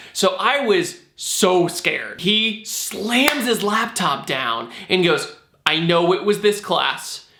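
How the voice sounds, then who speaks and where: A young man telling a storytime vlog, animated and acting out the people in it. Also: fairly high pitch. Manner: animated, acts out quotes. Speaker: vlogger. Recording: echoey room.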